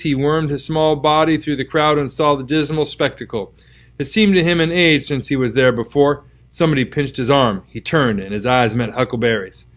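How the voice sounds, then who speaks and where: A man reading a classic novel aloud as narrator, in a measured, dramatic storytelling manner. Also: medium pitch, fairly bright tone.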